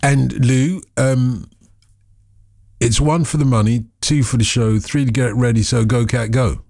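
A man's voice: medium pitch, steady tone, measured pace, gravelly, darkish tone, dry recording, studio quality. A man hosting a radio phone-in, chatty and self-deprecating, drifting off on tangents. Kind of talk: casual radio phone-in chat.

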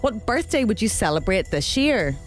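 A woman co-hosting a radio show, reading quiz questions clearly to a caller. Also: medium pitch, big pitch swings, normal speed, faint music behind. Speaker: radio co-host, quizmaster.

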